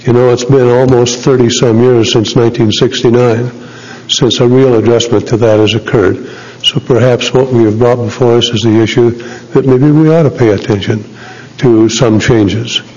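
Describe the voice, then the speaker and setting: A male legislator gives a deliberate, carefully paced floor speech, stopping to restart a thought now and then. His mid-pitched voice carries a long echo off the chamber walls. The audio is dull and muffled. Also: steady tone, a little mellow. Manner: measured, deliberate, with pauses and restarts. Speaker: state legislator. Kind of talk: formal floor debate speech.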